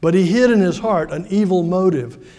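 A man's voice: sits high, normal speed, mellow. Older man preaching in a reverberant hall. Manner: conversational, folksy, with asides and rhetorical questions. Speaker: pastor. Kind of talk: sermon. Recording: long reverb of a large hall.

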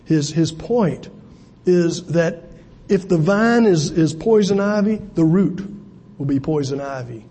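A man's voice: fairly high pitch, expressive, slow pace, warm tone. A man preaching a sermon as pastor, talking conversationally with asides and repeated words. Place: church sanctuary. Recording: long hall reverb.

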